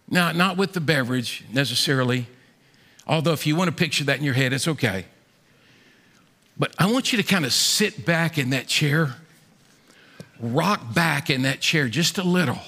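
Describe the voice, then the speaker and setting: A man preaching a sermon in a large church, folksy and animated, often repeating his words. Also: fairly high pitch. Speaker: pastor. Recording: echoey church hall.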